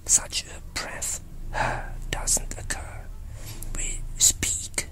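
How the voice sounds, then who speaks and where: Slow careful whispered pronunciation teacher. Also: rough recording. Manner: slow, careful enunciation of sounds and word lists.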